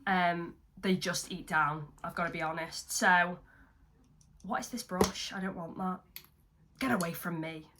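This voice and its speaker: A woman's voice: fairly low pitch, fairly even intonation, normal speed, pushed and bright, slight background noise. A young woman doing a makeup tutorial at home, chatting casually, mocking herself and swearing now and then. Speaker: makeup vlogger. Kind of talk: casual chat. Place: at home, seated.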